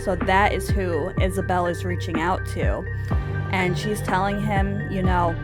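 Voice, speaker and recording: A woman's voice: fairly low pitch, level tone, measured pace. A woman narrating a game story in a chatty, playful way, with giggly asides. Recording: background music under voice.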